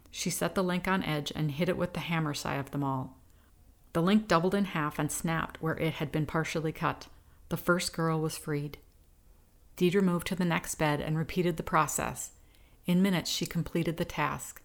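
A woman reading a novel aloud as audiobook narrator, in an even, measured way. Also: deep voice. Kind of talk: scripted narration.

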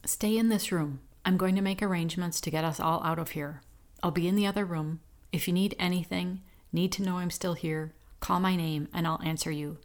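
A woman's voice: on the low side, steady tone, brisk, natural voice. A woman voicing a determined woman rescuer in an audiobook, speaking firmly and reassuringly. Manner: firm, reassuring.

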